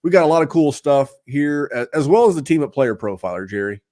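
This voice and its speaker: A man's voice: a little high, lively intonation, a little fast, warm tone, dry recording, clean studio sound. A man hosting a fantasy football podcast in casual chat, rambling with fillers and restarts. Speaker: podcast host.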